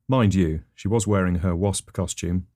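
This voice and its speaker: Low-voiced man telling absurd stories deadpan. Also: moderate pace. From England. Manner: rambling, matter-of-fact delivery with self-corrections. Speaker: comedy podcast host.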